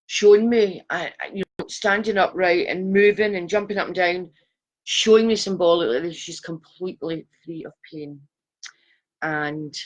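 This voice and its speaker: A woman giving live psychic readings, chatty and affectionate, calling viewers darling. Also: deep voice. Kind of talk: live-stream chat reading viewers' photos.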